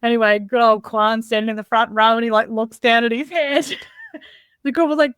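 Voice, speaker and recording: An Australian woman telling lively, laugh-filled stories as an interview guest, swearing casually, over a video call. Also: a little high, a little fast, clean tone, no room sound, clean studio sound. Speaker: army reservist guest.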